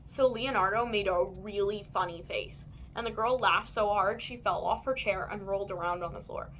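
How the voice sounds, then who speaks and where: A woman reading children's picture books aloud with an expressive, lively delivery. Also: medium pitch, normal speed, a little hiss or hum. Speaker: children's book reader.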